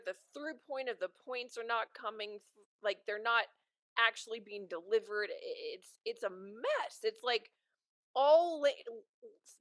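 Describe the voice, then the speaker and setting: A woman's voice: a little high, a bit bright, no room sound. Wry, blunt woman co-host, dry sound. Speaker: podcast co-host. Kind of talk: casual chat.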